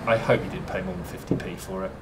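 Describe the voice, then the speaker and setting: A man's voice: quick pace, background noise. Dry, teasing man with sarcastic quips. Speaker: co-host. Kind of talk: casual chat.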